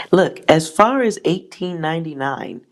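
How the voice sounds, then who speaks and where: A woman's voice: low voice, a little mellow. A woman hosting a tarot channel, reading a history text aloud and breaking off with sighs and wry asides. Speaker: tarot reader host.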